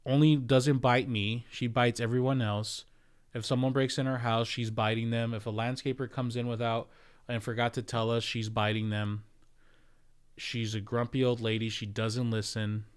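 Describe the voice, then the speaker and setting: A man with an American accent chats casually on his livestream, reading comments aloud and wandering between topics with plenty of ums. His voice is smooth and resonant at a middle pitch. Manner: rambling and conversational, answering chat with frequent fillers. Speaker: livestream host and real estate agent.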